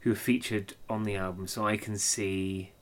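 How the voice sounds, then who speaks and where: A man hosting a casual album review chat, easygoing and presenter-like, often pausing on fillers. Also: on the low side, level tone. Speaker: podcast host.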